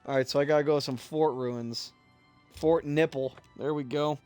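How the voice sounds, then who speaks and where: A man streaming a game and telling a rambling, profane story in a casual, animated way. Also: fairly high pitch, normal speed, dry recording, faint music behind. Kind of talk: casual storytelling while gaming.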